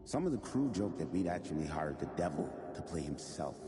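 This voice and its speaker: A man's voice: very deep voice, sing-song, a little fast, over music. An actor playing a haunted man in a video game, recounting events in an ominous storytelling manner. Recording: reverberant game scene with ambient noise.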